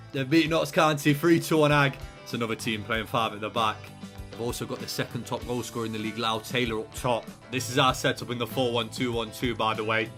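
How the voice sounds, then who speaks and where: A man talks through a football video game in a mid-pitched voice, full of banter and sudden shouts when a chance comes. Faint music runs underneath. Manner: excitable, shouts at goals, banter. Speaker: gaming YouTuber. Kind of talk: video game play-by-play commentary.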